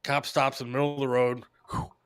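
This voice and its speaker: A man hosts a talk show and tells a rambling anecdote in a relaxed, mid-pitched voice. He swears freely and laughs through the story. The sound is dry and close to the mic. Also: fast talker, clean tone, no echo. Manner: loose, profane, laughing anecdotes. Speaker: radio show host. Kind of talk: casual storytelling chat.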